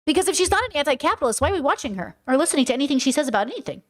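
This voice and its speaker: A woman's voice: high-pitched, very animated, very fast. A woman streamer reacting to a clip, talking casually in a heated, swearing, rhetorical way. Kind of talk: casual live-stream commentary.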